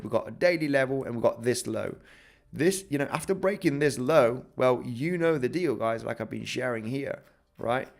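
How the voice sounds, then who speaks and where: English-accented guy doing a live crypto chart stream, chatty, keeps saying okay and right, mid pitch. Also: creaky. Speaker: crypto trading livestream host. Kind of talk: live market analysis reading chat.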